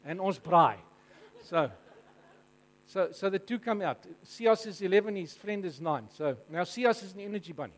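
A South African man preaching from the front of a congregation, his voice sitting noticeably high for a man. He tells his stories with humour and keeps drawing the crowd in with questions. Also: normal speed, poor audio. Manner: animated and jokey, asking the audience questions. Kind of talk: storytelling sermon to a live congregation.

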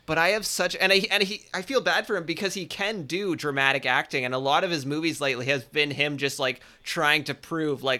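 A man chatting casually as a podcast co-host about a movie, earnest and animated. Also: on the high side, brisk, few pauses. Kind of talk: casual movie review chat.

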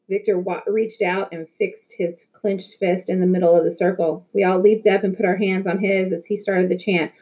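A woman reading a novel aloud in first person, telling the story in a lively way with occasional restarts. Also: mid-range voice, fairly quick, rough recording. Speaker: audiobook reader.

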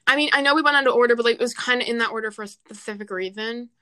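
A woman's voice: a little high, rapid-fire, bright, forceful tone. A teenage girl co-hosting a podcast, rambling and giggly, full of fillers. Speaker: podcast co-host. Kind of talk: casual chat.

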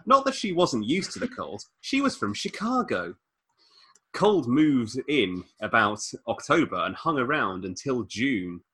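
A man with a husky voice, hosting a comedy podcast and reading a novel aloud in an arch, mock-dramatic way between bursts of banter. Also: medium pitch, very animated, unhurried, a bit bright. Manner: reads in an arch mock-dramatic voice, breaks into laughter.

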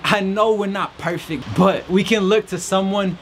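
A man with a fairly high, even-toned voice hosts a podcast at normal speed, delivering an upbeat, faith-based pep talk outside during a rainstorm. He sounds preachy yet cheerful, occasionally slipping into a mock reporter voice. Rain and faint music sit behind him, along with a slight hiss or hum.

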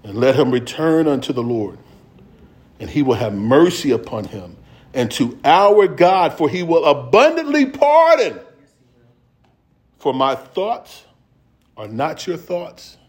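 A middle-aged male preacher with a fairly high voice, delivering a sermon in a folksy, conversational way. He draws out scripture verses slowly, then speeds up into casual family stories and laughs easily as he tells them. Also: very animated.

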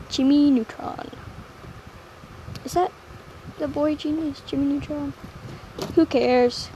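A young woman hosting a solo podcast, talking in a playful, rambling, self-mocking way that jumps suddenly between loud and quiet. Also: high-pitched, steady tone, takes it slowly, long pauses, a little hiss or hum, low-quality recording. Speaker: podcast host.

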